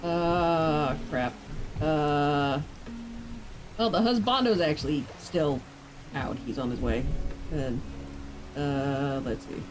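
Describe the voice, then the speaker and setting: A woman's voice: sits low, slow pace, long pauses, music in the background, low-quality recording. A woman streaming from home, chatting casually and talking to herself as she works. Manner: rambling, self-talking, distracted. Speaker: streamer and author. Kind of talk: casual live-stream chat.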